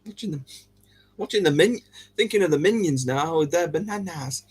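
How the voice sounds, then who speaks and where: Giggly husky man chatting. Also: a little high, lively intonation, normal speed, darkish tone. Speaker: livestream host. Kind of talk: casual chat with viewers.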